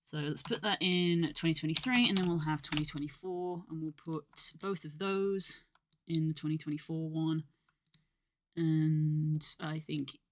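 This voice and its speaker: A live streamer chatting casually and a little out of breath, rambling with lots of fillers and poking fun at their own lateness. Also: medium pitch. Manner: rambling, filler-heavy, self-deprecating. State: slightly out of breath.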